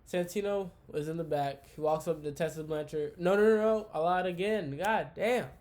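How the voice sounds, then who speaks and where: A man hosting a casual wrestling recap for a live chat, with slangy, profane, excitable banter. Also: a little high, normal speed.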